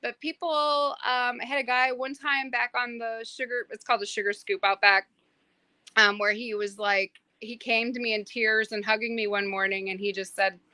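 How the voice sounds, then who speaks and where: A woman who cooks aboard a charter yacht talks through her day in a casual interview. Her voice is bright and crisp in a dry, close recording. She fills her talk with ums and lively asides. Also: on the high side, normal speed, no room sound. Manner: animated, many fillers, acts out quotes. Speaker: private yacht chef and crew.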